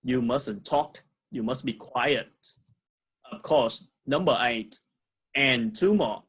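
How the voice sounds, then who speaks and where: A man with a Vietnamese accent teaching an English lesson to young pupils, saying words slowly and repeating them for the class. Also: mid-range voice, fairly bright tone, slightly rough. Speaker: primary school English teacher. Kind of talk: recorded online lesson.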